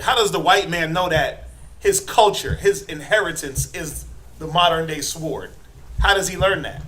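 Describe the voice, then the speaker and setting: A middle-aged man teaching a Bible class, quizzing his students and tagging his points with "right?", building to forceful emphasis. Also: high voice, noisy background. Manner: asks the class questions, tags lines with "right?".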